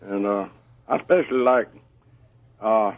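A man calling in to a radio show by phone, talking slowly and haltingly with chuckles. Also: fairly low pitch, dry recording. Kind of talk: casual phone-in chat. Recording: tinny phone line.

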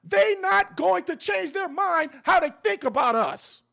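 Fiery high-voiced man, gravelly edge. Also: animated, a little slow, sharp tone. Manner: blunt, swearing, emphatic preaching. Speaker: radio show host. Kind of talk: fiery opinion talk.

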